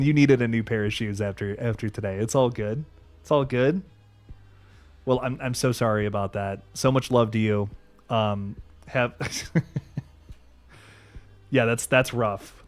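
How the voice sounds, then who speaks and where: A man's voice: mid-range voice, unhurried. Casual swearing man streaming horror chat. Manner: laid-back, swears often, many restarts.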